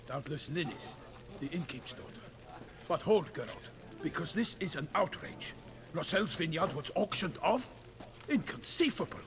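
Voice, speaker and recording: A man's voice: a little high, expressive, moderate pace, over music, natural voice. An actor playing a boisterous, pompous middle-aged male knight who speaks in a theatrical, declamatory way. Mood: indignant.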